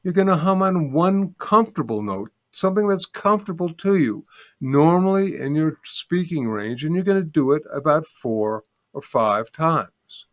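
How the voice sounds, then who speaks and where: Calm, patient older man guiding humming. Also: a little high, moderate pace. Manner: calm, patient, repeats steps and demonstrates by humming. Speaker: sound healing teacher, guest. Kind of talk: guided instruction in an interview.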